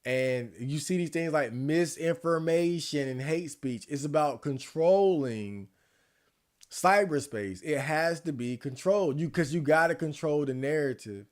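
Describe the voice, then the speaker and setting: A man's voice: a little high, a little slow. A man chatting casually on a livestream, ranting and rambling with frequent restarts.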